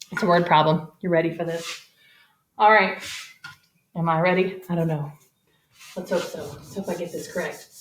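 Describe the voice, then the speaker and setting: Upbeat woman teacher in an echoey garage. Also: medium pitch. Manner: upbeat, playful, talks to kids. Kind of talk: recorded math lesson. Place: home garage.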